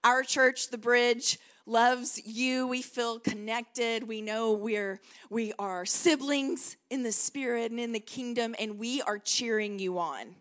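A woman's voice: fairly high pitch, takes it slowly, few pauses, fairly bright tone. A woman in her forties with a Texan accent, preaching as a guest pastor in an encouraging manner and leading the congregation in call-and-response. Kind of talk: sermon.

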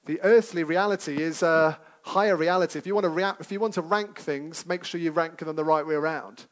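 High-voiced man preaching conversationally. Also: a little fast. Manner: conversational, asks the congregation questions. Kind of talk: sermon.

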